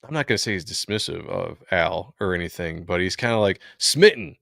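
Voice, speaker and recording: A man's voice: deep voice, expressive, a little fast, vocal fry, a bit bright, dry recording, studio quality. A man hosting a casual comic book review, talking in a crude, joking way. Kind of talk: casual chat while reading comics.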